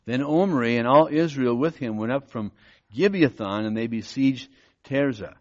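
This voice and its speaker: A man's voice: mid-range voice, normal speed, a little mellow. A male pastor teaching through a Bible passage, reading verses aloud and then explaining them, often checking in with his listeners. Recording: dull, muffled recording.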